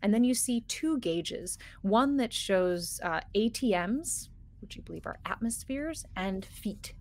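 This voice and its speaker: A woman narrating a tabletop role-playing game as game master, describing scenes in an unhurried way with many fillers and restarts. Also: mid-range voice, lively intonation.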